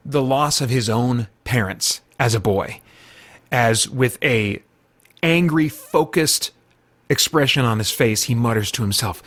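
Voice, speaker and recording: A man's voice: mid-range voice, fairly bright tone, dry recording. A man hosting a casual comic book review podcast, talking in a heartfelt, earnest way.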